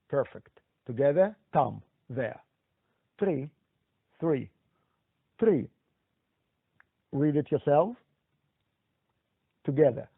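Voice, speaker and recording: A man teaching a language lesson, saying each word slowly and then prompting the learner to repeat it. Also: mid-range voice, gravelly, slightly rough, dry recording. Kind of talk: slow-paced language lesson drills. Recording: dry, tinny phone-like sound.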